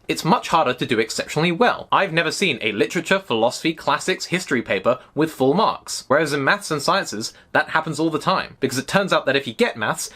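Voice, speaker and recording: Young male content creator, West London accent, brisk and bright, chatty and keen. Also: mid-range voice. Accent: West London English. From England. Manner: quick, chatty, enthusiastic explaining. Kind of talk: casual talk to camera.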